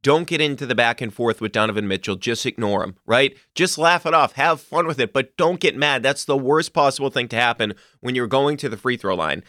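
A man hosting a sports podcast, ranting in an animated, emphatic way with occasional swearing. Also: medium pitch, brisk, few pauses, no echo, clean studio sound. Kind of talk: solo sports commentary.

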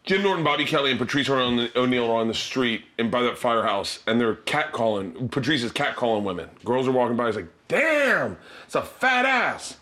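A man in his thirties hosting a casual chat, telling stories with lively energy and laughing through his punchlines. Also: medium pitch, fast talker, hardly any pauses. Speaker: host and comedian.

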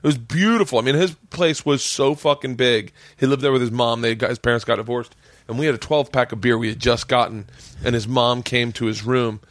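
A man's voice: mid-range voice, brisk, no room sound. Man hosting a casual podcast chat. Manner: swears a lot, rambling animated storytelling. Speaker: podcast host.

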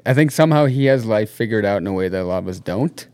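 A man from Norway and the United States, a podcast guest telling stories in casual chat, animated, laughing often and swearing freely. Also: on the low side, quick pace, no room sound.

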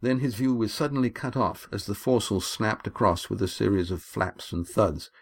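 A man reading his own adventure novel aloud in a measured, steady storytelling manner. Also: lowish voice. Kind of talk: audiobook narration.

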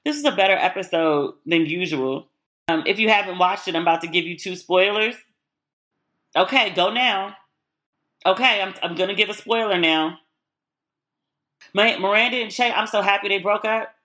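Woman podcast host, crisp bright tone, chatty and blunt opinions. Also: mid-range voice, normal speed, pauses often. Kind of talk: casual solo chat.

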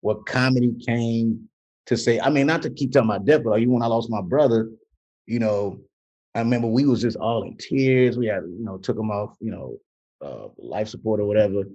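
A fairly low-pitched man speaks briskly on dull-sounding audio. An actor and comedian appearing as a podcast guest, he tells stories animatedly in a casual interview, jumping into voices whenever he quotes people and laughing mid-story.

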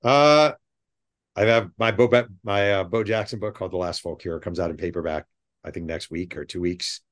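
A middle-aged man, a guest author on a podcast, chatting casually and telling animated stories with rambling asides. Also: low-pitched, brisk. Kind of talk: casual interview chat.

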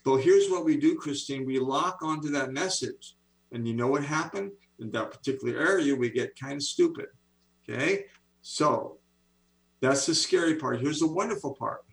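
A fairly high-pitched voice with vocal fry, at a moderate pace, belongs to an author and speaker in his seventies. As an interview guest on a video call, he tells stories with enthusiasm, recorded with poor audio.

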